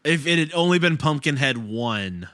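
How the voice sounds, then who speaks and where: Bright, crisp man in podcast banter. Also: fairly high pitch, animated, normal speed, no echo. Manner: wry, sarcastic banter. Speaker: podcast co-host. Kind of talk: casual movie-review chat.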